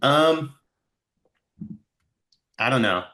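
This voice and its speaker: A man's voice: mid-range voice, animated, drawn-out words, sharp tone. A man co-hosting a sports podcast who talks in a loose, rambling way with lots of filler words. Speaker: podcast co-host. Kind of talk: casual sports chat.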